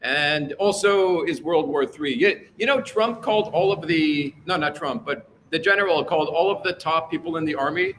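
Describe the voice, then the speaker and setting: A man's voice: on the high side, normal speed, few pauses, fairly bright tone, slight background noise. A man hosting a casual livestream, reading out chat and rambling through his opinions with many fillers.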